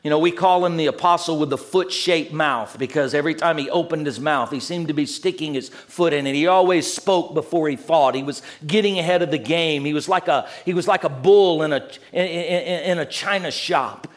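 Earnest preacher man, voice falling low. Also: fairly quick, hardly any pauses. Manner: earnest, repeats words when building a point; drops low and quiet at the ends of phrases. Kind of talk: sermon.

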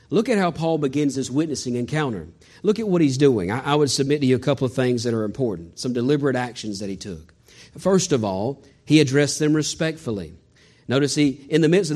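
Animated preacher, higher voice. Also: male voice. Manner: animated preaching, acts out quoted voices, frequent restarts. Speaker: pastor. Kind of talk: sermon.

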